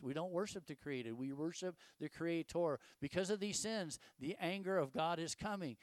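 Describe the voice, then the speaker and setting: A man's voice: fairly high pitch, no echo. An older man, preaching a casual, folksy sermon full of rhetorical questions and stories. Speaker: pastor.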